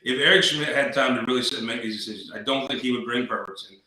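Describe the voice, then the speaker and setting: A man's voice: medium pitch, fast, sharp tone, distant mic. Blunt folksy man in an echoey room. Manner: blunt folksy talk with restarts. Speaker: political show host. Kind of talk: casual political commentary.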